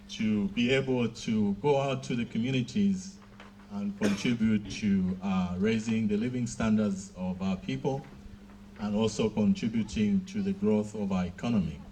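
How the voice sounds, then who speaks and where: A man giving a formal graduation speech, measured and pausing often with fillers. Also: mid-range voice, a little mellow, a little hiss or hum. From Southern Africa.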